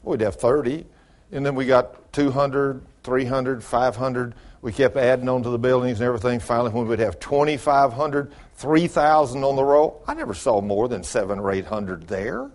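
A man preaching a sermon in folksy storytelling style, dropping to low mutters and rising to high exclamations. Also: normal speed, darkish tone. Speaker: pastor.

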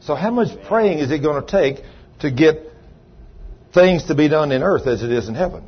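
A man's voice: fairly high pitch, expressive, moderate pace, slightly rough, dull audio. A man preaching a sermon, folksy and chatty, calling on members of the congregation by name. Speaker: pastor. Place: church.

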